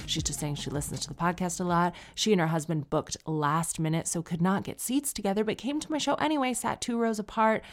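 With a lowish voice and hardly any pauses, a woman in her forties talks fairly quickly while reading listener emails on her podcast. A comedian and host, she keeps it casual, chatty, wry and teasing.

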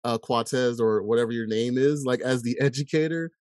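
A man hosts a podcast about teaching, speaking in a relaxed, reflective way and leaning on casual filler words. His voice is recorded close and dry. His pitch sits in the middle range for a man. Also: brisk, no echo. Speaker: podcast host, educator. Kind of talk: casual conversational interview.

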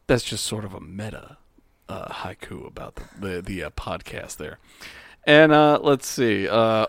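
A man's voice: fairly low pitch, animated, a little slow, no echo, studio quality. A young man co-hosting a casual podcast in a friend's house, rambling and swearing with frequent restarts while sharing one microphone. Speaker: podcast co-host. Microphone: shared microphone.

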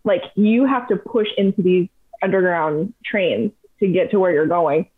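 A young adult woman guesting on a podcast, telling travel stories in an animated, chatty way with plenty of fillers. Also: on the low side, unhurried, slightly rough. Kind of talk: casual storytelling chat. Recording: tinny phone-like sound.

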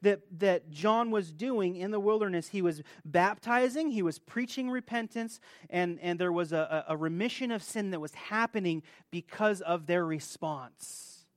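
A middle-aged man preaching a sermon, swinging between soft asides and loud, high outbursts. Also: normal speed, hardly any pauses, no echo, clean studio sound. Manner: animated, rises loud and high when acting out stories. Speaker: pastor.

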